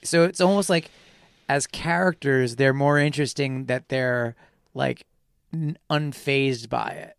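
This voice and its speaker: A man's voice: mid-range voice, unhurried, gravelly, clear, resonant tone, no echo. A man appearing as a musician guest on a podcast, talking in a laid-back, reflective way in a casual studio conversation.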